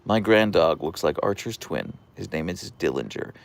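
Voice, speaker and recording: A man hosting a casual livestream, reading viewer comments aloud in a calm, soft-spoken voice with a radio-like quality. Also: low voice, moderate pace, vocal fry. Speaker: livestream host. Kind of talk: casual live-stream chat reading comments.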